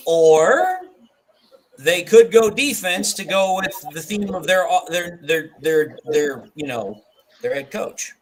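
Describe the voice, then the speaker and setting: A man hosts a casual fan live stream. His voice sits high and swings widely as he talks. He jokes around and retells movie scenes with plenty of energy. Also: lively intonation, slow pace, poor audio. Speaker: fan show host.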